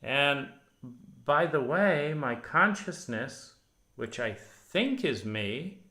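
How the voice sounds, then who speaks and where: A man's voice: a little high, lively intonation, drawn-out words, sharp tone. A male therapist giving a sardonic monologue, acting out weary inner voices. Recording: roomy echo.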